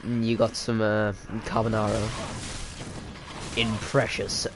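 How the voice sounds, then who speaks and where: He's a streamer with a medium-pitched voice and moderate pace, heard against slight background noise. While gaming live, he keeps the commentary casual, laughs at his own expense, and talks to viewers by name.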